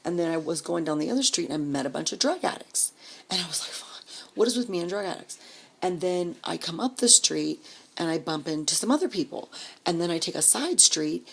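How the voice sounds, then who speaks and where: A woman with a deep, gravelly, slightly husky voice tells a personal story straight to the camera. She talks casually and swears a lot. She acts out the people she met, and sometimes she drops to a whisper. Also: expressive, a little fast, a bit bright. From Denver area, US. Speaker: vlogger.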